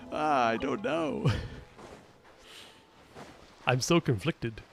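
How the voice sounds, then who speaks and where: A chatty man talks casually over his game, rambling from thought to thought and answering viewers as he plays. His pitch sits in an ordinary middle range. Soft game music plays faintly underneath. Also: huge pitch swings, extremely slow, gravelly. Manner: rambling, chatty, thinks aloud and answers chat. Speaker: gaming streamer. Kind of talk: casual gaming commentary.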